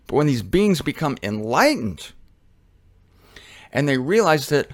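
Animated conversational man preaching. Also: mid-range voice, a little slow, pauses often, no room sound. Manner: animated, conversational, acts out quotes. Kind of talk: sermon.

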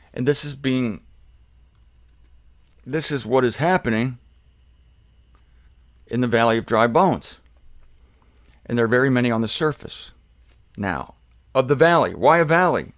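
A man's voice: medium pitch, animated, unhurried, long pauses, no room sound, clean studio sound. A man preaching a sermon, emphatic, posing rhetorical questions and answering them himself.

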